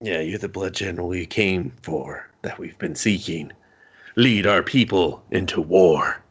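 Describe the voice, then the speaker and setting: A man co-hosting a podcast, reviewing a movie in a profane, jokey way and jumping into quick character impressions. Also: low voice, breathy edge. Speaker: podcast co-host. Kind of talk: casual comedic movie review.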